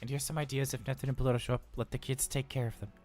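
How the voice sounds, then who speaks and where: With a flat, slightly mellow mid-range voice, a man speaks very fast while lightly acting as a flustered, cheerful, nervous male robot daycare attendant on a live role-play stream. The chatty robot rambles and stammers, and faint music plays behind.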